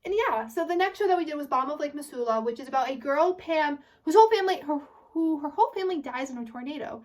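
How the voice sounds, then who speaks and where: A high-pitched teenage girl chats casually to her viewers, rambling and often restarting sentences. She sits a little back from the microphone, so her voice sounds somewhat distant. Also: animated, fast talker. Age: high school senior, about 18. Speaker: vlogger. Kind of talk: casual chat to camera.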